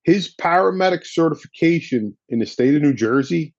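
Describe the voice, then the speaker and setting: A man's voice: fairly high pitch, expressive, normal speed, dry recording, dull audio. A man, a firefighter guest, telling a story in a blunt, casual way with slang and swearing. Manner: blunt and profane, drops in slang.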